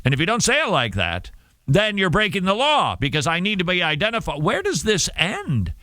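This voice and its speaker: A man's voice: high-pitched, wildly swooping pitch, brisk, bright, forceful tone, dry recording. A middle-aged man hosting a talk show, commenting casually with sarcasm and jokey asides.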